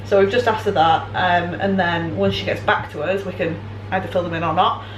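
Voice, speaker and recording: A woman's voice: on the low side, steady tone, a little fast, slight background noise, low-quality recording. Chatty English woman vlogging at home. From England. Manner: chatty, self-mocking, giggly asides. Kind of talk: casual vlog chat.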